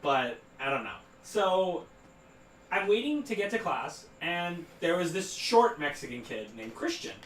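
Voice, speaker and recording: A man in his twenties chatting casually on a podcast, his voice sitting a little high. He rambles with lots of fillers. The recording is roomy and distant, with a faint hiss underneath. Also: very animated, unhurried, a bit bright. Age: 20s. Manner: rambling, filler-heavy, laughs through his story. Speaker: podcast co-host. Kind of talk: casual storytelling chat. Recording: roomy echo, off-mic, faint noise.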